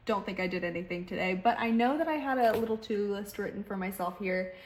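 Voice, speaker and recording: A young woman vlogging casually from her home kitchen, talking into a handheld phone camera in quick, chatty bursts full of "oh my God". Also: medium pitch, slight background noise. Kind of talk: casual vlog chat.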